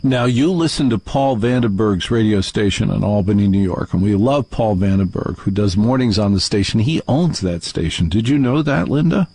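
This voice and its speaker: A man's voice: lowish voice, expressive, moderate pace, hardly any pauses, mellow, husky, no room sound. A man hosting a call-in radio show, ranting with indignant sarcasm. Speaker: radio talk show host. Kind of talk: talk radio monologue and call-in.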